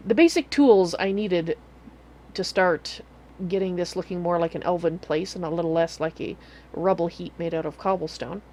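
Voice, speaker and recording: A woman's voice: medium pitch, a little mellow. Chatty woman streamer with faint hum. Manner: chatty, rambling with fillers and restarts. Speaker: game streamer giving a base tour. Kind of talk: casual livestream walkthrough.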